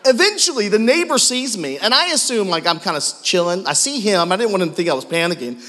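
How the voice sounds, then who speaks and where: A man with a high, animated voice preaching a sermon, swinging his pitch as he tells a self-deprecating story about himself. His voice carries the long reverb of a church sanctuary. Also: fast. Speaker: pastor.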